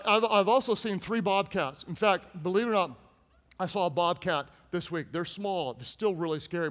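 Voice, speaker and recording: A man preaching a humorous sermon to his congregation, joking and telling stories with lively asides. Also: high voice. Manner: jokey, animated storytelling with asides to the congregation. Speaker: pastor. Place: large church hall. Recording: long hall reverb from a church.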